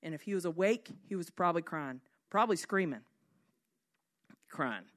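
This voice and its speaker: A woman giving a devotional teaching in an earnest way, reading scripture slowly and at times dropping to a soft hush. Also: lowish voice, animated. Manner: earnest, slows down to read scripture. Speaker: speaker.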